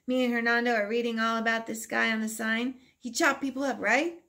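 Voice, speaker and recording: Cocky trash-talking teen boy striker, put on by a woman reading aloud, loud and mocking, higher pitch. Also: fairly even intonation, brisk, vocal fry. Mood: boastful.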